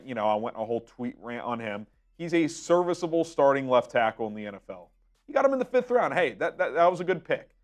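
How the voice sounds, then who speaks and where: A man on a sports rant, his fairly high voice swinging up and down as he presses each point. He is frustrated and emphatic, tripping over repeated words, and his voice is getting worn out. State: losing his voice. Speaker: sports show host. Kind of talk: ranting sports commentary.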